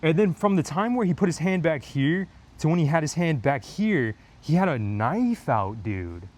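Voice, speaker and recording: A young adult man vlogging a storytime through a lapel mic on his shirt, retelling a tense encounter in an animated way, full of fillers like "like" and "dude.". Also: fairly high pitch, moderate pace.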